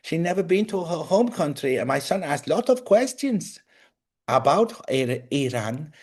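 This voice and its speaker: A gentle, soft-spoken middle-aged Iranian dentist, as a man puts him on in a raised, lighter voice. He speaks English with a Persian accent, slowly and mildly, like a quiet family man. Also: a little high, sing-song, husky, pitched above the performer's own voice, exaggerated voice. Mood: wistful.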